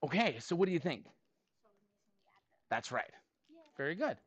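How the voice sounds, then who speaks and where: Energetic man teaching math, cheerfully quizzing a class in a high, animated voice. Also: unhurried, slightly rough, dull audio. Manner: upbeat, prompting students for answers.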